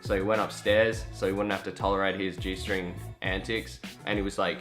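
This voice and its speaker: A man's voice: deep voice, flat delivery, normal speed, few pauses, a bit bright, soft background music. A young Australian man with an Australian accent who talks to camera in a chatty, rambling way and swears freely. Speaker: vlogger. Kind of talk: casual vlog monologue.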